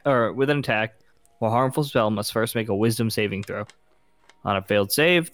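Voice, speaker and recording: A man's voice: medium pitch, no room sound. Hesitant male tabletop player. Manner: hesitant, reads rules aloud. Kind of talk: playing a live tabletop game.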